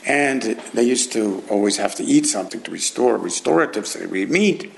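A man's voice: lively intonation, a little fast, vocal fry, poor audio. A man teaching a Talmud class, translating Aramaic phrases as he goes and acting out the characters in the story. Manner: translates Aramaic line by line, acts out characters with jumps in pitch.

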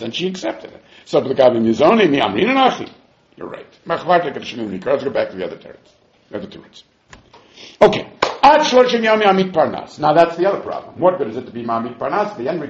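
Man, Talmud lecture, animated, high-pitched, echoey dull room sound. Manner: animated, argues both sides in quoted voices. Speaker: Talmud teacher.

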